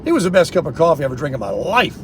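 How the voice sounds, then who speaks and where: A man's voice: fairly high pitch, big pitch swings, rapid-fire, a little hiss or hum. A man chatting rambly to viewers, calling them folks, recorded outdoors on a phone. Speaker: vlogger. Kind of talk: casual vlog chat. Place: outdoors in a sunny town.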